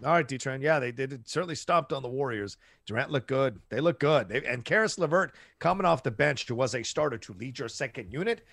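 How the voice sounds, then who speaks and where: A male host of a live online entertainment show, chatting casually, loud and excitable and quick to joke. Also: medium pitch, gravelly, no room sound, studio quality. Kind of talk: casual chat.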